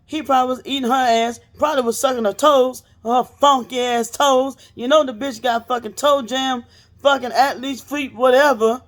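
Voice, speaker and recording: A woman's voice: sits high, fairly even intonation, moderate pace. A woman host telling a story in casual chat, profane and blunt, acting out what others said.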